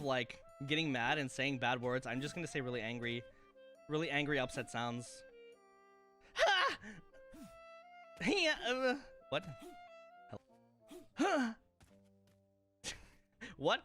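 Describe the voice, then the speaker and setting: A man's voice: mid-range voice, sharp tone. A young man streaming a game, yelping, swearing and breaking into shrieking laughter as things go wrong. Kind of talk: gaming stream chat.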